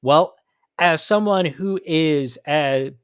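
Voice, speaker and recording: A man's voice: fairly high pitch, slow, clean tone, no room sound, clean studio sound. An American man hosting a commentary podcast, arguing his points emphatically and thinking aloud with frequent restarts. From United States. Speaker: podcast host.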